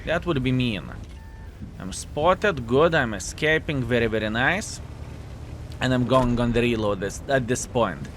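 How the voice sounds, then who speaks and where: A man commentating his own video game match to viewers, animated and self-mocking, calling them fellas, with slightly non-standard English phrasing. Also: mid-range voice, measured pace, background noise. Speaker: video game player and channel host. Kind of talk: live gameplay commentary.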